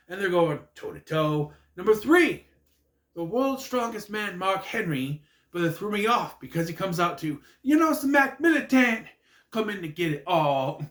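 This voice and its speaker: Rambling jokey man, lively voice. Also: on the high side. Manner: rambling and jokey, with asides and restarts. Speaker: wrestling recap vlogger. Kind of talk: casual recap monologue. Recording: echoey room.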